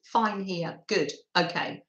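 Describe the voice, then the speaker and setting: A woman's voice: mid-range voice, slow pace, fairly bright tone, reverberant. A woman hosting a craft livestream, chatting casually and giggling as she reads out viewer comments on her phone. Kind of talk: casual live chat with viewers.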